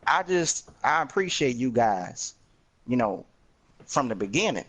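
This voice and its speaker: A man's voice: medium pitch, sing-song, a little slow, fairly bright tone. A man guesting on a gaming podcast, joking around and repeating phrases as he signs off. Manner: playful, repeats phrases, hammy sign-off. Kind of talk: casual podcast chat.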